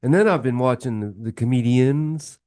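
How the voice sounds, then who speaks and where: On a radio show, a man appears as a guest beer reviewer, chatting loosely and rambling through jokes while acting out the characters' voices. His medium-pitched voice is warm at a normal speed, captured cleanly on a studio mic with no room sound.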